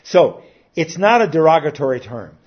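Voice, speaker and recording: A man preaching a sermon in an earnest manner, rising to emphatic peaks and dropping low. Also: big pitch swings, moderate pace. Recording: dull lo-fi recording.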